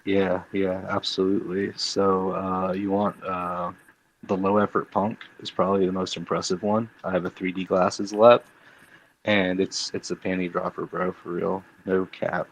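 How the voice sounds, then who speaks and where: Gravelly Southern man, deadpan drawl. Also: sits low, a little slow, poor audio. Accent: Southern American. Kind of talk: casual chat.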